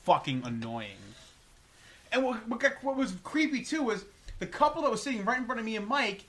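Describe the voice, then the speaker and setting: A man co-hosting a podcast, chiming in with blunt, excitable, swearing banter. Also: very high-pitched, fast talker. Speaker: podcast co-host. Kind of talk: casual storytelling chat. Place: room at an anime convention.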